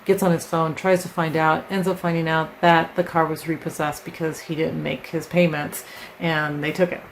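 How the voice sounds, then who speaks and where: A woman with a low, gravelly voice teaches writing in a relaxed, conversational way, walking through an example step by step and checking in with the listener. A faint background hiss sits under her voice. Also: moderate pace, low-quality recording. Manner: conversational, explains with examples and frequent "right?". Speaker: writing teacher, channel host. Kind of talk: casual instructional talk to camera.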